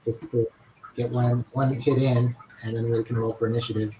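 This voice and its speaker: A man running an online tabletop game as game master, talking in a relaxed, halting way with many fillers. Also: mid-range voice, noisy background.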